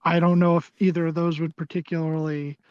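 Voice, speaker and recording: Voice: mid-range voice, little pitch movement, fairly quick, clear, resonant tone, no echo, highs cut off. A player in a tabletop game over an online call, talking hesitantly as they work through their choices. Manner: hesitant, many fillers and restarts.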